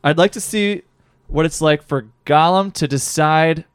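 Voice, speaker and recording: A man co-hosting an improv comedy podcast, playful and deadpan with stammering restarts. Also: on the high side, a little slow, clean tone, no room sound, clean studio sound. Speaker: podcast co-host.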